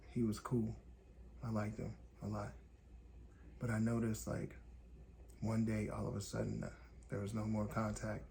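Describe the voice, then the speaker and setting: A man from Indiana hosting a podcast, telling a personal story in calm, deliberate, short measured phrases. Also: lowish voice, gravelly, slight background noise. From Gary, Indiana, USA. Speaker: podcast host. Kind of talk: reflective personal storytelling monologue.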